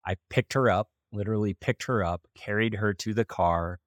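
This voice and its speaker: A man from Idaho in his thirties, a podcast host telling a heartfelt personal story in an earnest, warm-hearted way. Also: on the low side, normal speed, no echo, studio quality. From Idaho, USA. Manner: earnest, heartfelt, with light laughs.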